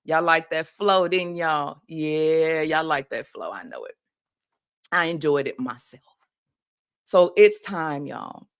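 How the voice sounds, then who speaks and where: Woman host, slightly low voice, motivational faith talk full of "come on, y'all". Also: lively intonation, slow pace, clean tone. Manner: preacherly call-and-response, often says "y'all". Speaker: podcast host and life coach.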